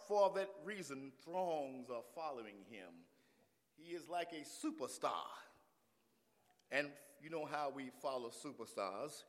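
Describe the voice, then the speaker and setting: A male pastor preaching a sermon, swinging from hushed lines to shouted refrains. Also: fairly high pitch, lively intonation, measured pace, in a large hall.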